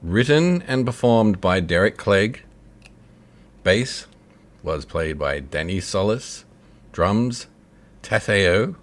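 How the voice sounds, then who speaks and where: A man's voice: fairly low pitch, expressive, slow, pauses often. A man co-hosting a casual online radio show, joking and laughing with his co-host. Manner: jokey, laughs often, puts on a mock announcer voice.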